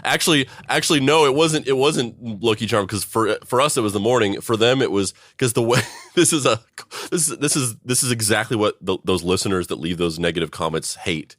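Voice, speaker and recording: A man's voice: medium pitch, brisk, hardly any pauses, fairly bright tone, dry recording, clean studio sound. A man co-hosting a podcast, rambling casually with restarts and swearing. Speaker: podcast co-host. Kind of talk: casual comedic chat.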